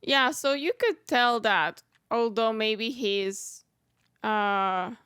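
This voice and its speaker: A woman co-hosting a film chat, talking slowly in a smooth, clear voice that sits a little high. She hedges often and takes her time making a point. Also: a bit bright, dry recording, studio quality. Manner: unhurried, hedging with likes. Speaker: podcast co-host. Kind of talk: casual film review chat.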